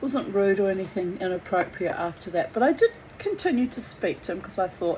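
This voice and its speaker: A woman recounts her own experience in a candid, blunt way, swearing without hesitation. Her voice is mellow and soft-edged, with a faint hiss behind it. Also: medium pitch, brisk, few pauses, low-quality recording. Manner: blunt, animated, swears freely. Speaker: author reading and telling her own story. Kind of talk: candid first-person storytelling.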